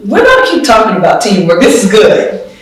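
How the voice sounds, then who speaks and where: A woman's voice: mid-range voice, huge pitch swings, fairly quick, noisy background. A woman hosting a casual panel talk, explaining how she coaches new agents in an earnest way. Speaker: host and team leader. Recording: echoey room, mic far off.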